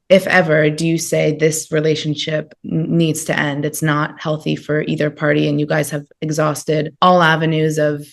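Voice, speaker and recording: A woman hosting a podcast interview, asking thoughtful, searching questions. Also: deep voice. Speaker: podcast host.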